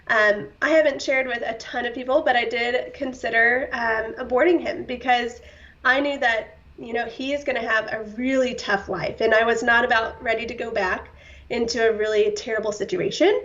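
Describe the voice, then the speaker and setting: A woman's voice: a little high, fairly bright tone. A woman guest on a podcast, telling a hard personal story in an earnest, heartfelt way, with many fillers and the odd short laugh. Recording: slightly distant, dull-sounding.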